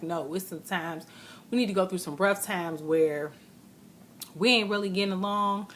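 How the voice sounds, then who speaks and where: Chatty woman with a low voice. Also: fairly bright tone, a little hiss or hum. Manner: chatty, retells scenes with quoted voices. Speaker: vlogger recapping a reality show. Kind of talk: casual recap chat.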